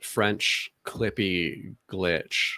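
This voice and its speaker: A man's voice: sits low, drawn-out words, sharp tone, no room sound, studio quality. A man running a tabletop role-playing game, giving brief prompts to the players. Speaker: game master.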